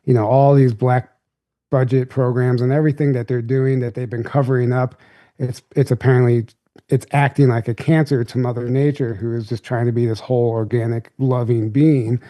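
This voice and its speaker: A man's voice: mid-range voice, flat delivery, moderate pace, mellow. A young adult man, a podcast guest, telling a story in a loose, rambling, casual way.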